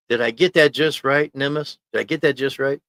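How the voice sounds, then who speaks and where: A man's voice: medium pitch, fairly bright tone, no room sound. A man hosting a casual livestream from his home office, rambling and chuckling as he reads viewer comments aloud. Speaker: livestream host. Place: small home office studio. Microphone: desk mic in home office.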